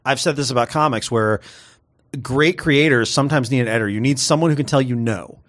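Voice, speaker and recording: A man's voice: mid-range voice, brisk. A man co-hosting a casual chat, joking and reading listener messages aloud. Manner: animated, joking, reads listener notes aloud.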